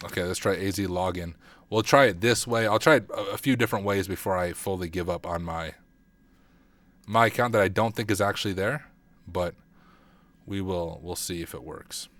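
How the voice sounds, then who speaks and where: Man, casual livestream walkthrough, self-deprecating, slightly low voice, typing heard. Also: normal speed, fairly bright tone. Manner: thinks aloud, self-deprecating, mutters while typing. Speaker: cybersecurity streamer.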